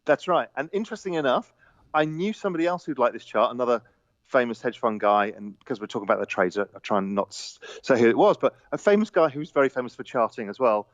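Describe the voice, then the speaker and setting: A man telling stories on a podcast as a guest, animated, laughing, quoting the people in them. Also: mid-range voice, quick pace, dry recording, lo-fi sound. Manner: animated anecdotes with laughter and quoted dialogue. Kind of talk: casual storytelling.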